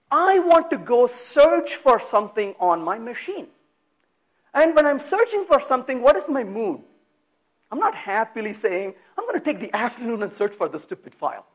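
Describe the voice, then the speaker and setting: A man giving a technical talk at a conference, talking in a lively way, firing off rhetorical questions and acting out exasperated asides. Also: very high voice. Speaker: conference speaker. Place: conference hall.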